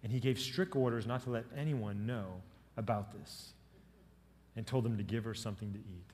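A male pastor preaching a sermon. He is animated and swings from loud to soft, with jokes for the congregation. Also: fairly low pitch, moderate pace, big-room sound.

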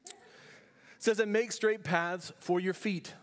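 A pastor from California preaching a sermon in a church, emphatic, with rhetorical questions and storytelling asides. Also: male voice, high-pitched, fairly even intonation, takes it slowly, fairly bright tone, big-room sound.

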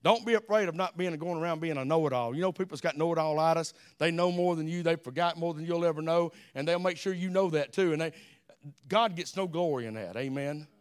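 Older southern preacher from alabama, kinda high voice, smooth, says amen a lot. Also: male voice, a little fast. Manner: folksy, repeats amen, animated storytelling. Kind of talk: sermon.

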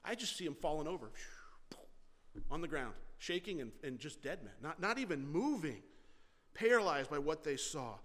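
A man preaching a sermon as pastor, swinging between loud emphasis and soft, quiet words. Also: on the high side, lively intonation, normal speed. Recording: long reverb of a large hall.

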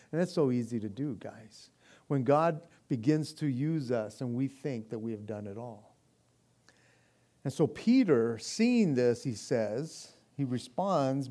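A man preaching a sermon in a casual, animated way, often repeating himself as he restarts sentences and laughing along. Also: mid-range voice. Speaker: pastor.

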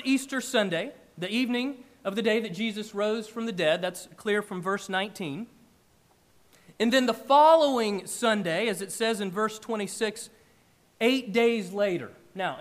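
Man, pastor, high voice, emphatic animated sermon, church. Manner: emphatic, animated preaching with swings in loudness.

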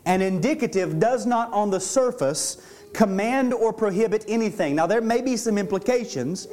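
A man preaching an expository sermon, slowing down to stress key phrases as he teaches. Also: high voice, darkish tone. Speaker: pastor.

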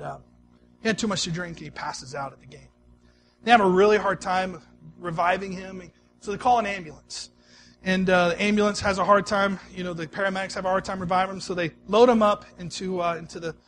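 A male pastor delivering a sermon in a conversational, storytelling way, swinging between soft, quiet stretches and emphatic ones. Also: high-pitched, a little hiss or hum.

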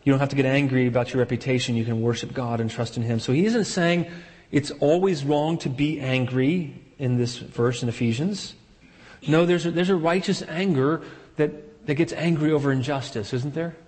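A pastor preaching a sermon in an earnest way, repeating key phrases for emphasis. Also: male voice, mid-range voice, moderate pace, darkish tone, in a large hall.

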